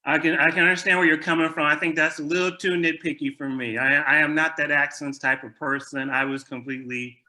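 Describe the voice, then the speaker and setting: A man's voice: fairly high pitch, level tone, a little fast, few pauses, pushed and bright. A man co-hosting a review show, chatting casually and agreeably, often repeating words as he restarts. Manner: stammering restarts, agreeable and enthusiastic. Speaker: movie review show co-host.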